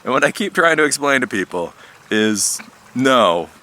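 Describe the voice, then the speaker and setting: A man's voice: medium pitch, very animated, normal speed, pushed and bright. A man hosting his own channel, rambling casually and animatedly outdoors, swearing and laughing now and then. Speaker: tech YouTuber. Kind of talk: casual monologue vlog.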